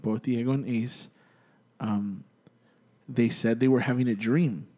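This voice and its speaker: A man's voice: medium pitch, steady tone, unhurried, a little mellow. Rambling, profane young man telling a story. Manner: rambling and profane, peppered with "dude" and restarts. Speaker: storyteller among friends. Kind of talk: casual chat, telling a spooky story.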